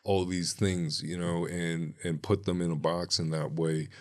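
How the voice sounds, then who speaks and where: A man speaking as a podcast guest, telling personal stories in an animated way and acting out the dialogue he quotes. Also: sits low, unhurried. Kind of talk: candid personal storytelling.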